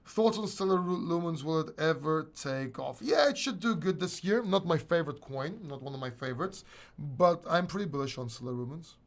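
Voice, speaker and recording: Gravelly blunt man answering chat. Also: fairly high pitch, expressive, brisk. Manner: blunt, swears, rambling with restarts. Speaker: crypto YouTuber answering live chat. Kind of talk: casual livestream Q&A.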